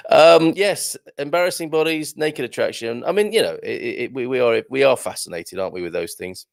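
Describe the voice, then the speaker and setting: A man's voice: mid-range voice, a little fast, creaky, hardly any pauses, no room sound, clean studio sound. A middle-aged man hosting a live morning show, chatting casually and playfully as he reads out viewers' greetings, with frequent giggles and self-deprecating asides. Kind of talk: casual live-stream chat reading out viewer comments. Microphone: headphones and studio mic.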